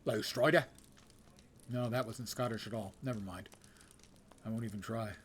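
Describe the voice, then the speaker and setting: A man's voice: fairly low pitch, fairly even intonation, brisk, a little hiss or hum. An older man streaming a game, giving casual, wry, self-mocking commentary and reading quest text aloud.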